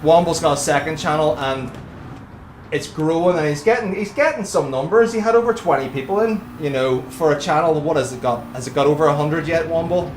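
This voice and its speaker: A man's voice: a little high, a little fast, slight background noise. Chatty man streaming a racing game. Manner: chatty, addresses viewers by name, friendly banter. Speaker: livestreamer. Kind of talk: live gameplay commentary chatting with viewers.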